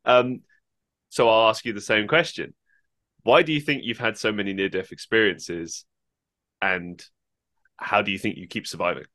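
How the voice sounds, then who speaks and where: A man's voice: fairly low pitch, moderate pace, long pauses, sharp tone. A man hosting a podcast, exclaiming and laughing as he chats with his guest. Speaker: podcast host. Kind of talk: casual interview chat.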